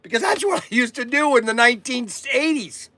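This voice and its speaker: A man in his sixties from Ohio rambles excitably through a live stream, circling back and repeating himself. His voice sits high and bright. The sound is dry and close. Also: a little fast, dry recording. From Ohio, USA. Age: 60s. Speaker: toy shop host.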